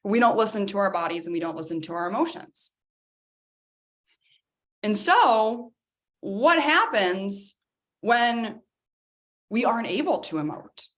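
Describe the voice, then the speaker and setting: Woman wellness coach talking to her online group, emphatic, lots of energy, middle pitch. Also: a little slow, long pauses. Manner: energetic, emphatic, addresses listeners as guys. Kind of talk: workshop talk to an online audience.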